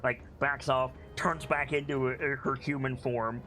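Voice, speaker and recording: A young man narrating a tabletop game as game master, relaxed and full of fillers. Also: mid-range voice, unhurried, soft background music. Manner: hesitant, lots of fillers, relaxed.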